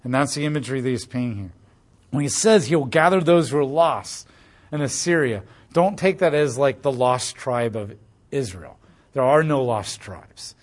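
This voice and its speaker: A man teaching a casual Bible study, explaining passages conversationally with asides and frequent "like". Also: medium pitch.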